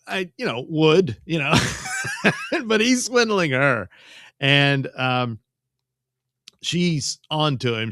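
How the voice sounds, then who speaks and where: Bright, dry-voiced man rambling on a stream. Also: medium pitch, no room sound. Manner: rambling, stammering, chuckling often. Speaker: host of a live movie-review stream. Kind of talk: casual live-stream chat.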